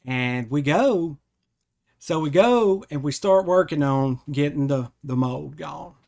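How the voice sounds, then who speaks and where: A man hosting a podcast, telling a funny personal story in a rambling, animated way and often correcting himself. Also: a little high, slow, vocal fry. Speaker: podcast host. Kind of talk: casual storytelling.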